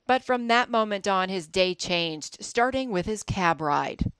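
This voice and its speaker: A woman news reporter reading scripted narration in a measured, deliberate way. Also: medium pitch, animated, a bit bright, clear, resonant tone, dry recording.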